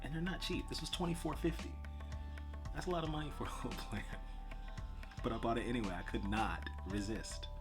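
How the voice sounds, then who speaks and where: A man's voice: mid-range voice, a little fast, pauses often. A man chatting casually and self-deprecatingly as he pots a houseplant for his vlog. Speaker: plant vlogger. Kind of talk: casual chat while potting a plant. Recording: background music.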